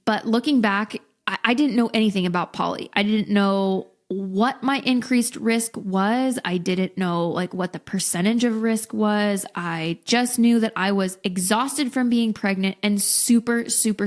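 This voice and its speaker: A young adult woman, a podcast guest, telling a personal story in a candid, expressive way and acting out what people said. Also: mid-range voice. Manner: candid, expressive, acts out quotes. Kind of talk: casual storytelling.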